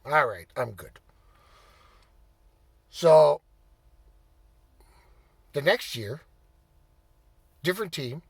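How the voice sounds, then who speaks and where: Guy telling a cussing story, lively up-and-down voice, gets loud when he's worked up. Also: fairly high pitch, very slow, vocal fry, long pauses, husky, no room sound. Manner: animated, swearing, bursts into shouting when reliving anger. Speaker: storyteller recounting his playing days. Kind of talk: casual profane storytelling.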